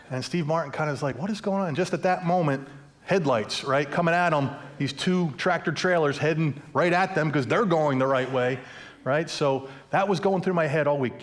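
A man preaching a sermon in a church, telling a story in a relaxed, conversational way with fillers and repeated words. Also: fairly high pitch. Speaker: pastor.

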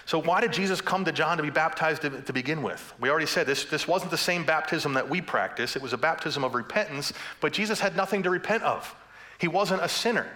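A man's voice: fairly high pitch, fairly quick, sharp tone. A man preaching a sermon as pastor, passionate and building to fervent emphasis, with playful humor between points.

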